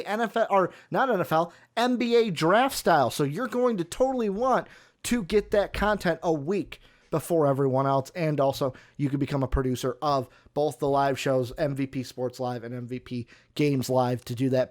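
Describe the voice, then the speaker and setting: A man hosting a live sports talk show, running through announcements in an upbeat way with some fillers. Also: on the high side. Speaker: show host.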